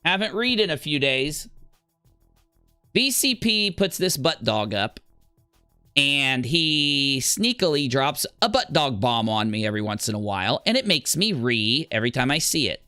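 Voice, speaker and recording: A man hosting a livestream, ranting casually in a rambling, animated way. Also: measured pace, clean tone, no echo, studio quality, faint music behind. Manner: animated, rambling, breaks into high squeals. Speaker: livestream host.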